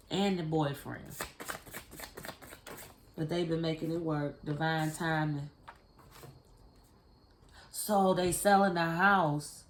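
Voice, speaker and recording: A woman giving a casual spiritual card reading to her viewers, blunt and profane, speaking straight to them. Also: deep voice. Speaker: tarot card reader. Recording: echoey room with faint noise.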